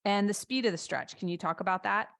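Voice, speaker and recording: A woman's voice: mid-range voice, fast, creaky, a bit bright. A woman co-teaching a live online stretching class, asking her partner questions and encouraging the participants. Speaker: co-instructor.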